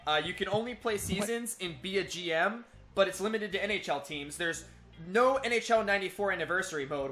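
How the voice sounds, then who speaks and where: A young man talks through gaming news in bursts, filling his pauses with ums and uhs. His voice is a bit high and tense and bright. Soft background music sits under him. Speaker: podcast co-host. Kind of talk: casual gaming news chat. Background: faint background music.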